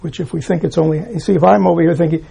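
Gravelly-voiced man giving a dharma talk. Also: a little high, racing, noisy background. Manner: reflective, with rhetorical questions, often dropping to a hush. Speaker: Buddhist teacher. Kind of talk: dharma talk to a live audience. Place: room with a gathered audience.

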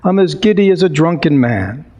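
A man's voice: on the high side, a little slow, dull audio. A man voicing an old miser overjoyed and repentant, exclaiming as if breathless with emotion, in a dramatic reading. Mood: giddy.

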